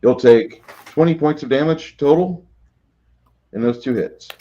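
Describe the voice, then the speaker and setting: A man's voice: on the high side, unhurried, muffled recording. Casual man running a tabletop game. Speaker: game master.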